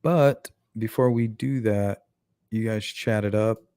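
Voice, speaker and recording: Low, dark-voiced male livestream host. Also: slow, smooth, dry recording, studio quality. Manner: rambling, chatty, answers viewer chat. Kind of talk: casual livestream talk.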